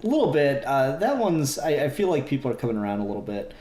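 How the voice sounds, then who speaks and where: A man's voice: mid-range voice, sing-song, fast talker, darkish tone. A man chatting casually on a podcast, rambling and laughing at his own jokes. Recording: roomy echo, faint hiss.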